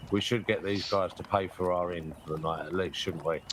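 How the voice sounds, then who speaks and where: A man's voice: deep voice, fairly even intonation, a little fast, crowd noise. A man playing a tabletop game, blunt and jokey. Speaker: player.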